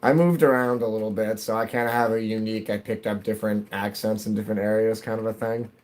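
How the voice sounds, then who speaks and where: A man's voice: on the low side, steady tone, fast talker, a little mellow. A man from New England chatting casually with his viewers while gaming, rambling from topic to topic and laughing often. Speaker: live streamer.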